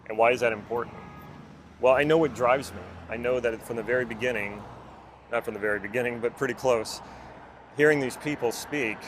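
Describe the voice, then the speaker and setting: A man's voice: fairly low pitch, background noise. A man who works as a personal development coach talks to the camera in an earnest, reflective way and asks the viewer many questions.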